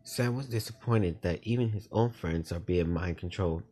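A man reading his own spooky story aloud, in a plain, halting way with small slips. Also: low voice, mellow, soft background music.

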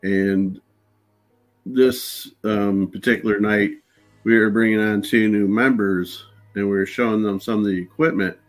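Low-voiced man telling ghost stories. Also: unhurried, faint music behind. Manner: relaxed anecdotal storyteller, acts out dialogue. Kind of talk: casual storytelling in an interview.

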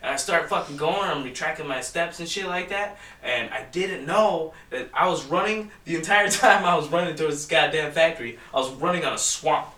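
Young man, casual storyteller, heavy swearing, bright voice, echoey room, distant mic. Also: a little high, a little fast, few pauses. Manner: profane, rambling storytelling. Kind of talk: casual chat.

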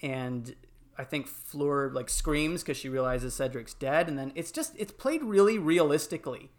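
A man in casual podcast chat, telling film moments with lots of fillers and animated retellings. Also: on the high side, moderate pace. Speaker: podcast panelist.

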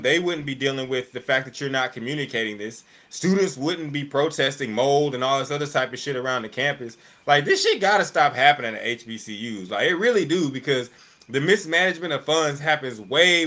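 A man's voice: fairly high pitch, fairly bright tone. Heated, profane man ranting on a podcast. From American South. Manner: profane, emphatic, repeats himself. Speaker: podcast co-host. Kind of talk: heated casual podcast rant.

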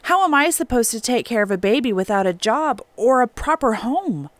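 A woman reading an audiobook, voicing a stunned young woman who protests in halting, stammering bursts. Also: on the high side, lively intonation, no room sound, pitched above the performer's own voice, lightly acted. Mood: flustered.

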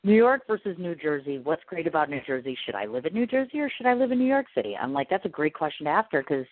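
Fast-talking gushing woman podcast host. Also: low voice, no echo. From US Midwest. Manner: gushing, excitable, self-described nervous. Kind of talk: casual interview chat. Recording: dry, tinny phone-like sound.

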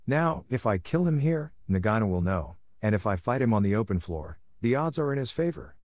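A man reading a storybook aloud, voicing a bold, scornful young male mongoose with a brisk manner. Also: fairly low pitch, sing-song, darkish tone. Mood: tense.

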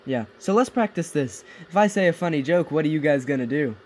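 Goofy, rambling young man with a high-ish voice. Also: darkish tone, slight background noise, rough recording. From United States. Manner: goofy, rambling, laughs at his own jokes. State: tired late at night. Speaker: podcast co-host. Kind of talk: casual chat. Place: home basement.

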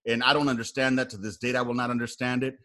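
A man telling army stories in casual chat, animated and profane, acting out loud quotes. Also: mid-range voice, quick pace. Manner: animated storyteller, heavy swearing, acts out quotes loudly.

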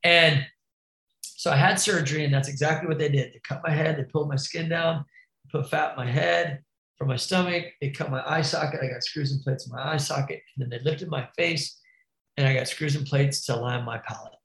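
A man with a somewhat high voice tells a gnarly crash story in loose, animated slang, peppered with bro, dude and curses. His voice rings in a roomy, echoey space. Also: brisk, vocal fry. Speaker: podcast guest, BMX rider. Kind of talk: casual storytelling.

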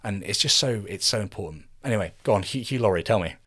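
Fast-talking podcast host, low voice. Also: male voice, lively intonation, a bit bright. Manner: rambling, many restarts. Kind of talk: casual conversation.

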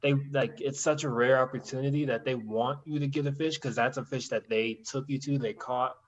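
Male guest, animated anecdotes, average pitch, somewhat muffled recording. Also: a little fast. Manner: animated storytelling, acts out quoted voices, swears. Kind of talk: casual chat.

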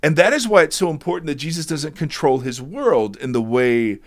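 A man with a slightly higher voice and a very lively, swooping delivery, talking about scripture with emphasis and feeling. He presses his points with rhetorical questions and sounds emotional, near tears. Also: fairly quick. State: teary. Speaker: Bible teacher in discussion. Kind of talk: conversational Bible discussion.

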